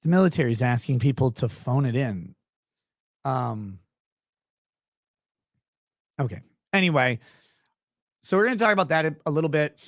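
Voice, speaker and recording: A man's voice: medium pitch, lively intonation, moderate pace, pauses often, dry recording, clean studio sound. A man hosting a livestream with casual, sarcastic, rambling commentary, talking to his chat viewers by name. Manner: sarcastic, rambling, mocking impressions. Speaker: livestream host.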